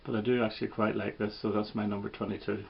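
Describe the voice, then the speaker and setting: A man talks through a list of records in a casual, unhurried way, pausing on fillers and restarting his sentences. His voice sits low and stays flat. The recording sounds dull and lo-fi. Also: vocal fry, a little hiss or hum. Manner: relaxed, hesitant with fillers and restarts. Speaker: record collector vlogger. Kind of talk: casual ranking review.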